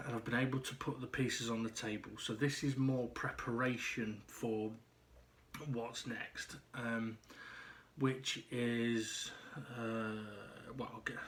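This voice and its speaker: Man vlogging at home, out of breath, stop-start delivery full of ums, mid pitch. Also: little pitch movement. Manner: halting, pausing often with ums and restarts. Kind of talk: casual personal video diary.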